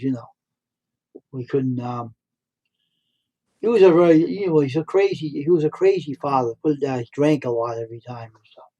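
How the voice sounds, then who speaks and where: A middle-aged livestream host with a mid-range, dark-toned voice tells rambling stories and keeps repeating himself. The recording is rough.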